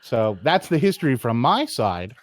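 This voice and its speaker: A man's voice: mid-range voice, big pitch swings, moderate pace, no echo, studio quality. A man streamer on a voice call, earnest and aggrieved, bluntly swearing as he makes his point. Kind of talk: casual talk on a voice call.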